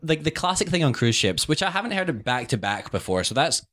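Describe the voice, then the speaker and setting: Lively-voiced man hosting a casual podcast. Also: a little high. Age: 30s. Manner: laughs easily, quick asides. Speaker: podcast host. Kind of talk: casual chat.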